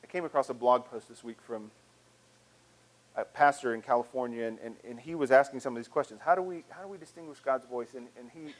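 A man's voice: medium pitch, quick pace, poor audio. A male pastor preaching a sermon in an earnest, conversational way, often restarting his phrases.

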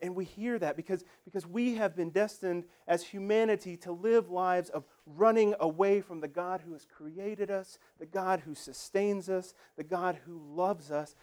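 High-voiced conversational preacher man. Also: moderate pace, hardly any pauses, a little mellow. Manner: conversational, emphatic, acts out quoted lines. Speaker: pastor. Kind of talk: sermon.

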